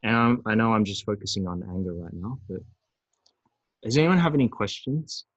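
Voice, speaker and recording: Husky guy giving a webinar, dry sound, acts out the angry bits. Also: fairly low pitch, moderate pace, no room sound, lo-fi sound. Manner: animated, acts out angry voices. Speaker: webinar presenter on emotions. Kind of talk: recorded webinar talk.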